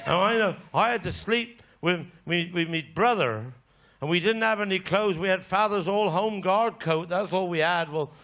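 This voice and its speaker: Cornish bloke spinning cheeky swear-filled yarns, highish bright voice. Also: male voice, normal speed. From Cornwall. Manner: rambling earthy yarn-spinning with cheeky swearing. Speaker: stand-up comedian. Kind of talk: live stand-up storytelling.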